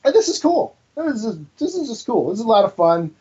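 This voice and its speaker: A man co-hosting a podcast, talking casually and hesitantly about a comic book with many pauses and fillers. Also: high voice, very animated, darkish tone, slightly rough, highs cut off. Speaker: podcast co-host.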